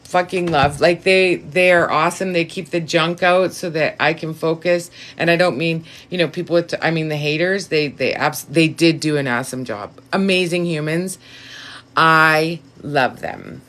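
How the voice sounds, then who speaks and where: A woman with a raspy voice hosting a casual live stream, effusive and profane, giving blunt direct advice to viewers. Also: deep voice, moderate pace, a bit bright.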